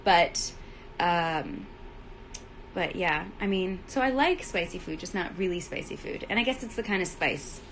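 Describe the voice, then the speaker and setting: A woman's voice: fairly low pitch, animated, measured pace, fairly bright tone, a little hiss or hum, poor audio. A woman hosting a casual livestream outdoors by the trailers on a film set, out of breath, bubbly and rambling, talking into a phone held at arm's length. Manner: bubbly, rambling, laughs often.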